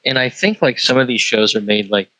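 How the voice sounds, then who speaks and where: Dude rambling on a podcast, bright voice, dry sound. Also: male voice, mid-range voice, brisk, dry recording, rough recording. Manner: rambling, many fillers and restarts. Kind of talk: casual podcast chat.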